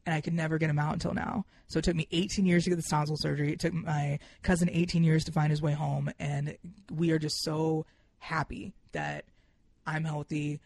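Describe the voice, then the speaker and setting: A young man hosting a podcast in a casual monologue, emphatic and heartfelt, swearing freely and swinging into excited bursts. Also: a little high, fairly quick, creaky. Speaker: podcast host.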